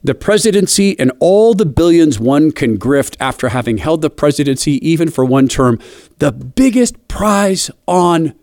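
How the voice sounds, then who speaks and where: A man giving an opinionated commentary monologue, speaking deliberately and slowing down for emphasis. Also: fairly high pitch, expressive, warm tone, no room sound, clean studio sound. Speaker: political commentator.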